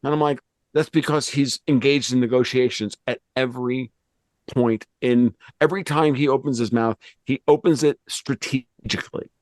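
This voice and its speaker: This is a man from the United States giving his views in a casual political discussion. He is blunt and swears freely, often restarting his sentences. His mid-pitched voice is recorded dry and close. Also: fairly even intonation, normal speed, no room sound. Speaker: political commentator guest.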